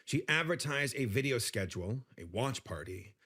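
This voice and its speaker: A man narrating a prerecorded video, recounting events in a measured, deliberate way. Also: mid-range voice, animated, bright, forceful tone, breathy edge.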